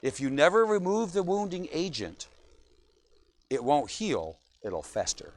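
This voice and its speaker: A man's voice: a little high, wildly swooping pitch, unhurried. A middle-aged man, a pastor, preaching a sermon in a church, joking often and asking "right?" again and again.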